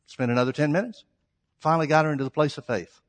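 The long hall reverb of a church sanctuary surrounds a male pastor preaching an emphatic, storytelling sermon in which he acts out quoted exchanges. His pitch is fairly high and his pace quick.

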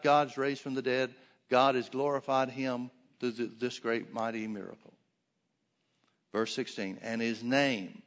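A man's voice: mid-range voice, big-room sound. A man teaching a sermon, reading Bible verses aloud and explaining them in plain talk with frequent restarts. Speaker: preacher.

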